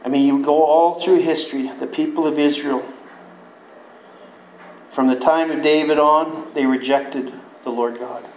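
A man's voice: a little high, steady tone, measured pace, darkish tone, a little hiss or hum. A man preaching a sermon, retelling scripture in a folksy, conversational storytelling way. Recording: echoey room.

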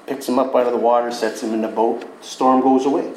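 A man's voice: medium pitch, little pitch movement, fast talker, a little mellow, a little hiss or hum. A man preaching a sermon, retelling scripture in a folksy, conversational storytelling way. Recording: echoey room.

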